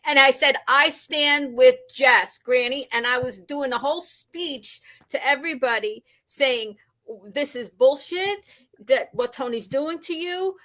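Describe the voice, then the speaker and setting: A woman guest on a live stream, talking in a gushing, excited, rambling way. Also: high-pitched, a little slow. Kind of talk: casual live-stream chat.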